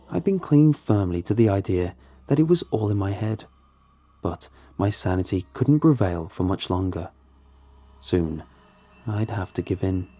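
A man's voice: on the low side, mellow, slightly rough. A man narrating a first-person horror story in a tense, dramatic manner.

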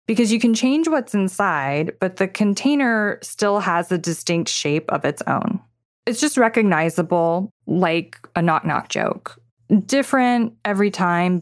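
Low-voiced woman narrating an essay. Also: no echo, clean studio sound. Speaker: magazine writer hosting an audio essay. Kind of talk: scripted narration.

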